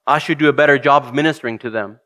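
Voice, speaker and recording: A man's voice: medium pitch, very fast, bright, forceful tone. A man preaching a sermon, earnest and direct, putting questions to his congregation and reading scripture aloud.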